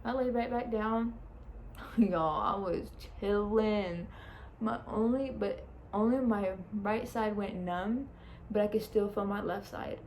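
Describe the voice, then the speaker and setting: A woman's voice: mid-range voice, fairly even intonation, unhurried, darkish tone, low-quality recording. A young woman casually telling a personal story, chatty, laughing often and swearing freely. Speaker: vlogger. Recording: faint background noise.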